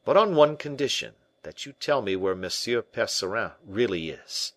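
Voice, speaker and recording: A man's voice: lowish voice, big pitch swings, moderate pace, fairly bright tone, no room sound. A man voicing a bold musketeer captain who teases and presses with emphatic banter, in an audiobook reading. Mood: teasing.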